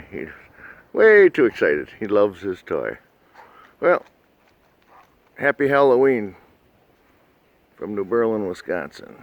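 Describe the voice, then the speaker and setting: A man filming his dog outdoors in the snow, shouting commands in a high, excited voice and dropping low for quiet asides. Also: slow, pauses often, dry recording. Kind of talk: home video, calling commands to a dog. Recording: dull lo-fi home video sound.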